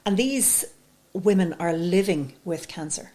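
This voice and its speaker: A woman interviewing a guest in a studio, gently steering the talk with soft affirmations. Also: on the low side, animated, a little slow. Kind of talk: podcast interview.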